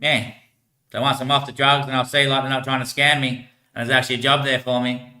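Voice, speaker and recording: A man's voice: mid-range voice, flat delivery, fairly quick, pushed and bright, roomy sound. Rambling, slangy man. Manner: swears freely, laughs often, loose slangy talk. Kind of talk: rambling casual monologue.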